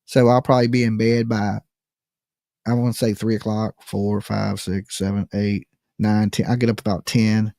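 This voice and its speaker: A man's voice: lowish voice, little pitch movement, moderate pace, vocal fry, warm tone, no room sound, studio quality. A man hosting a live call-in stream, joking and slangy, talking casually straight to his viewers. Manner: joking, slangy, talks to the chat. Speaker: live call-in show host. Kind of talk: casual livestream chat.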